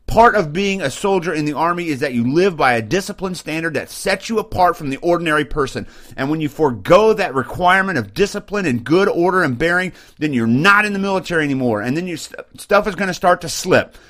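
Brief: fired-up male podcast host, fairly high voice, blunt and mocking, home computer mic. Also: animated, fairly quick, few pauses, fairly bright tone. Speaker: podcast host, Army sergeant. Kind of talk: opinion podcast rant. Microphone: webcam and computer mic.

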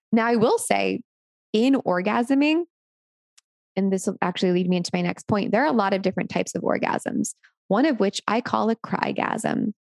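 A woman in her thirties giving a candid, relaxed educational talk with frank, encouraging delivery. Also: medium pitch, moderate pace, gravelly, pauses often, no room sound. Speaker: sex educator.

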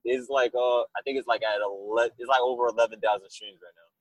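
A man being interviewed about his music, talking in a loose, rambling way and telling animated stories. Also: medium pitch, fast talker, husky, no room sound, rough recording. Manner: rambling, animated storytelling with laughs. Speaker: musician guest. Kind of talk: casual interview chat.

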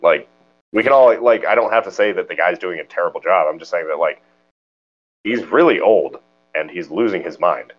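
A young man co-hosting a podcast in casual chat, animated and jokey with lots of stumbling restarts. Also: deep voice, normal speed. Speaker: podcast co-host. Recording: dull lo-fi recording.

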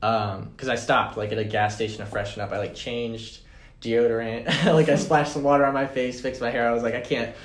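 In a mid-range voice with fairly even intonation, a young adult man speaks a little fast as a podcast guest sharing a personal story. It's casual and rambling, full of "like" and "man," captured with a roomy echo.

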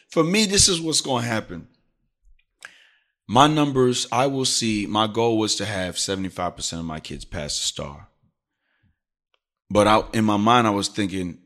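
A man's voice: fairly low pitch, normal speed. A middle-aged man, a teacher hosting a podcast, telling a workplace story in casual chat and acting out his coworkers' lines. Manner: animated storyteller, acts out coworkers' voices.

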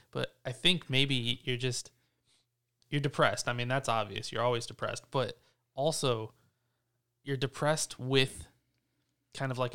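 A man's voice: medium pitch, pushed and bright, clean tone. A man hosting a casual podcast chat, talking in a snarky, profane, rambling way with frequent restarts. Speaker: podcast host.

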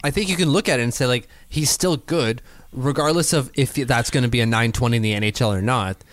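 A male podcast co-host with a mid-range voice talks fairly quickly over faint background music. On this casual sports show he rambles and hedges, full of fillers and restarts.

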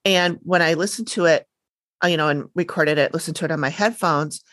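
A low-voiced woman co-host chats in a relaxed, rambling way, dropping in filler phrases as she goes. The sound is dry and close. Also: fairly quick, no echo. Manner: relaxed, rambling, with reactive interjections. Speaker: podcast co-host. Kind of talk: casual recap chat.

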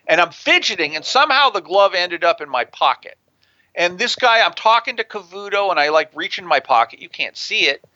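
A man's voice: high voice, very animated, brisk, pushed and bright, no echo, muffled recording. A man in an interview telling stories in a brash way and swearing freely. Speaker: guest, prison consultant. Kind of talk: profane storytelling in an interview. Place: near a big city on the US West Coast.

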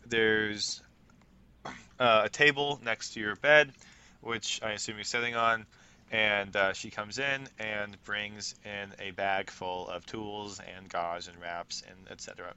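A man's voice: lowish voice, steady tone, measured pace, sharp tone, clean tone, dull audio. A man narrating as game master of a tabletop role-playing game, casual and rambling, full of fillers.

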